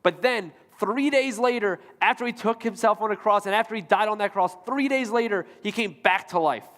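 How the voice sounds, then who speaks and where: A man's voice: high-pitched, a little fast, a bit bright, long reverb tail. A man pastor delivering a sermon, preaching emphatically and repeating rhetorical questions to the congregation. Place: church auditorium.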